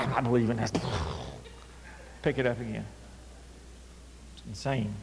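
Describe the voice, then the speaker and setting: A male pastor preaching a sermon, animated, swinging between loud emphasis and near-whispers. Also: high voice. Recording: long hall reverb.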